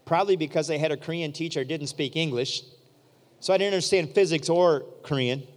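A man preaching a storytelling sermon, animated and acting out the voices of people in his story. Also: a little high, brisk. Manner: animated, acts out quoted voices. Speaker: pastor. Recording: long hall reverb.

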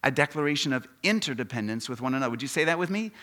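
Bright-voiced preacher with sweeping dynamics. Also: male voice, a little high, animated, quick pace, hardly any pauses. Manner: preaching with big swings from quiet to loud, asks the congregation questions. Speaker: pastor. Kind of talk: sermon.

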